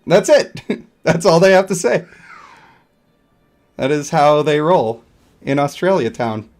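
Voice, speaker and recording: A man's voice: on the high side, lively intonation, slow pace, darkish tone. A man streaming a video game, chatting casually in a rambling, joking, self-deprecating way. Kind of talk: casual live-stream chat over gameplay.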